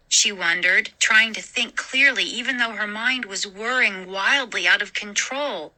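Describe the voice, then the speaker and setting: A woman host narrating a scary story in a slow, dramatic reading. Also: mid-range voice, sharp tone, low-quality recording.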